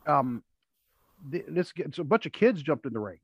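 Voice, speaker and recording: A man's voice: a little high, big pitch swings, moderate pace, slightly rough, no echo. A man hosting a casual chat, rambling through stories and acting out what people said. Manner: rambling storyteller, acts out quotes. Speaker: podcast host. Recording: dull lo-fi dry audio.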